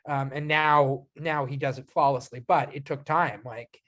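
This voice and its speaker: Speaking at a moderate pace with a medium-pitched voice, a young Canadian actor gives a casual interview. He's animated and often restarts his sentences and uses fillers.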